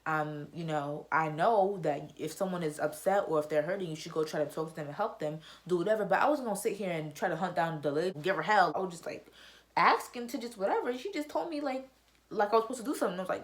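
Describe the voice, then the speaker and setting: A teenage girl vlogging a storytime straight to her viewers. She rattles along at a quick clip in a slightly low voice, chatty and full of slang. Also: animated. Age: teens. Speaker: YouTuber. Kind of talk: casual storytime vlog.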